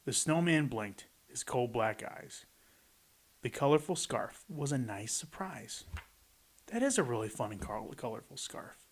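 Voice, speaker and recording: Reading a rhyming picture book, this man speaks at medium pitch and a little slowly, very animated throughout. Between the pages he drops in playful, chatty asides.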